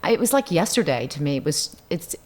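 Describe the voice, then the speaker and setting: Middle-aged Cajun woman telling stories. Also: fast. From Louisiana. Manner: animated storyteller, acts out quotes with big pitch jumps. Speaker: guest. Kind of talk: casual interview chat.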